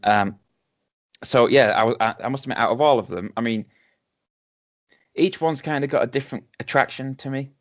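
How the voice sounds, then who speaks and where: A man's voice: medium pitch, moderate pace, pauses often. A man from England co-hosting a casual whisky-tasting podcast, rambling with many restarts and ums. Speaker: podcast co-host. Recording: dull lo-fi home podcast recording.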